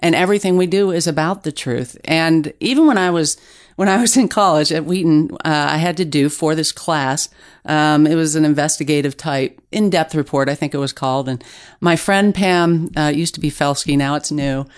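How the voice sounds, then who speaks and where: Woman, middle-aged, smooth clear voice, animated storytelling, casual interview. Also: low-pitched, moderate pace. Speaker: guest journalist.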